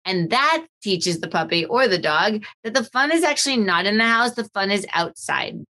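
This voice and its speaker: A woman hosting a dog-training podcast in casual chat, animated and acting out voices of dogs and owners. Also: medium pitch, normal speed, low-quality recording.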